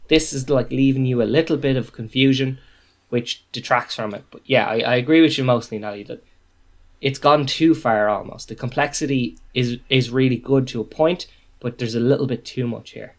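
A man's voice: mid-range voice, brisk. A man, co-hosting a podcast and talking animatedly, acting out his own reactions. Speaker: podcast co-host. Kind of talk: casual chat.

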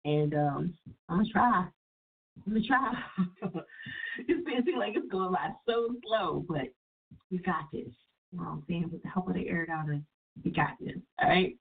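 A woman hosting a call-in radio show while sick, talking in a loose, chatty, profane way and jumping into high-pitched voices when she quotes people. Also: moderate pace, gravelly, breathy edge. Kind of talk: casual call-in radio talk. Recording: distant, phone-like radio audio.

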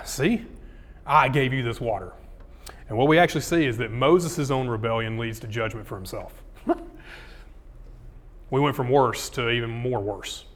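A man preaching a casual, jokey sermon, acting out scripture quotes with dramatic swings in loudness and pitch. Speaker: pastor.

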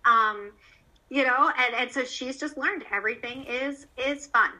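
A woman speaking as an interview guest about her child, earnest and animated, with frequent fillers and restarts. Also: high voice, a little slow, rough recording. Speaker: guest, parent of a child cancer survivor. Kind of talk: candid conversational interview.

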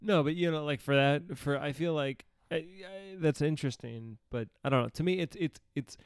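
A young man in relaxed podcast chat, rambling through his thoughts with a gravelly edge to his voice. His tone is smooth and resonant, recorded close and dry with no room sound. He swears now and then and likes to tease. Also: fairly high pitch, moderate pace, no echo. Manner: rambling, swears casually, teasing. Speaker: podcast co-host. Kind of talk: casual chat reviewing a TV show.

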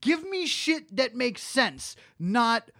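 A man with a high voice, recorded close and dry, picks apart a film's details with blunt, swear-laden complaints. He talks in an off-the-cuff way. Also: very animated, slow, gravelly, bright, forceful tone, no room sound. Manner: blunt, nitpicking, heavy swearing. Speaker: podcast co-host. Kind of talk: casual movie review chat.

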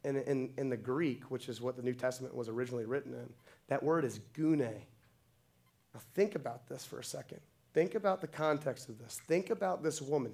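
A man's voice: mid-range voice, a little fast, creaky, a little mellow. A man preaching a sermon with passion, building to emphatic, repeated lines. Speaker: pastor.

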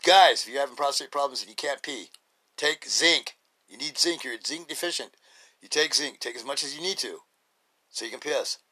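A man's voice: medium pitch, moderate pace, sharp tone, husky. A middle-aged man hosting a podcast, talking in a blunt, rambling casual monologue full of fillers and restarts. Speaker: podcast host.

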